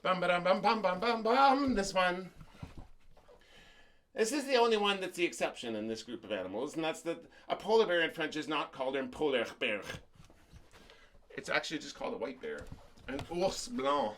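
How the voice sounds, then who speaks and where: A man's voice: fairly high pitch, sing-song, moderate pace, long pauses, a bit bright. A man teaching a children's music class over a video call, singing action songs and joking playfully with the kids. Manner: playful, sings and chants action songs with jokes for small children.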